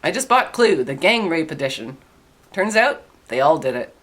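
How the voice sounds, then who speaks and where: A woman host telling rapid-fire dark one-liner jokes in a deadpan delivery. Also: deep voice.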